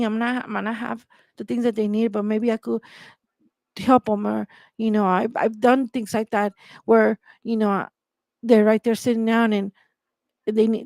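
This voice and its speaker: A woman's voice: on the high side, level tone, normal speed, dry recording. Impassioned woman host, dry close sound. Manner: emphatic, repetitive, rhetorical questions, heated. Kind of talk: impassioned commentary monologue.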